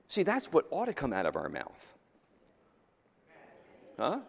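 A man preaching a sermon as the pastor, talking in a loose, conversational way and jumping from loud exclamations to quiet asides. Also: medium pitch, huge pitch swings, a little slow, creaky, husky. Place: church sanctuary. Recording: reverberant church hall.

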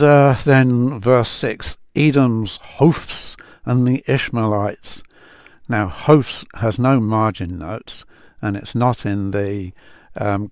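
A man talks through scripture in a slow, unhurried way, pausing often with small fillers. His voice sits on the low side. The sound is close and dry, with no room around it. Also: no echo. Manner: slow, thoughtful, many fillers, reads verses aloud. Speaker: Bible translator and podcaster. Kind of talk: reflective Bible talk.

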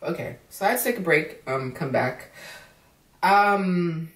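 Outspoken woman vlogger, lowish voice, swears freely, heard from across an echoey room. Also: expressive, unhurried. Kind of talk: casual commentary on a news story. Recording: roomy echo, voice from a distance.

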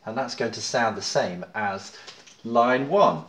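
A man's voice: medium pitch, slow pace, fairly bright tone. A man teaching a children's music lesson, patiently explaining note rhythms and counting and clapping them aloud.

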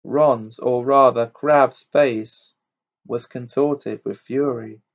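A man's voice: medium pitch, fairly even intonation, slow pace, muffled recording. A man reading a novel aloud carefully, sometimes stopping to correct his own words. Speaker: reader.

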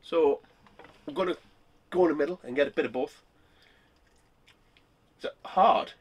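A man's voice: fairly high pitch, normal speed, breathy edge. A man vlogging as he tastes snacks, talking casually and laughing often. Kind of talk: casual snack tasting chat.

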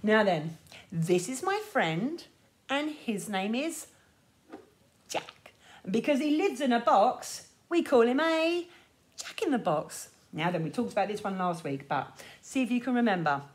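A woman leading a sing-along class for young children in a lively, sing-song way. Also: a little high. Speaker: children's music class teacher.

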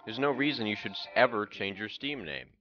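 A young man rants profanely while playing a racing game on stream. His voice sits on the low side, and the recording is dull and lo-fi. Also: animated, fairly quick. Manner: profane, ranting. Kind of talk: casual gameplay commentary.

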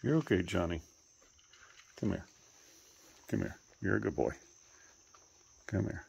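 A man filming his pets and talking to them casually, coaxing and scolding, and jumping into high baby talk. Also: lively intonation, a little slow, gravelly, a little mellow, breathy edge, highs cut off. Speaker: pet owner filming his animals.

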